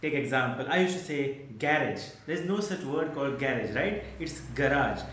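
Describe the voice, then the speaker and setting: A man's voice: fairly high pitch, a little fast, a bit bright, slight background noise. A man with an Indian English accent giving earnest, step-by-step speaking advice, often asking rhetorical questions. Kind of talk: motivational speaking lesson. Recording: very echoey room.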